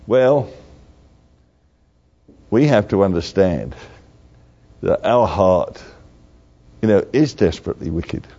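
An older man preaching a sermon slowly and earnestly, repeating his key phrases. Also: sits low, expressive, mellow. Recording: dull lo-fi recording.

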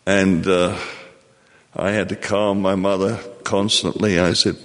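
An older man from England telling a personal story to an audience, in a slow, reflective way with many fillers. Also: deep voice, level tone, long reverb tail.

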